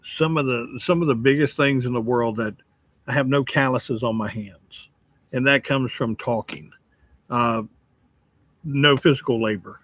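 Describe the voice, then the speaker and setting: A man's voice: medium pitch, measured pace, a bit bright. A man in his sixties hosts a casual livestream, reading out viewer comments and teasing himself with an easy, joking manner. His voice sits in a middle register, and the sound is dry with no room echo. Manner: joking, chatty and self-mocking. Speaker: livestream host and radio host.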